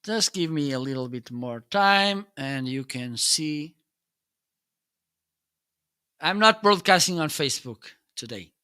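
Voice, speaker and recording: A man's voice: a little high, lively intonation, takes it slowly, long pauses, pushed and bright, smooth. A man hosting a casual livestream, demoing his gear and searching for words as he goes. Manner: hums nonsense syllables while testing. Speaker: livestream host.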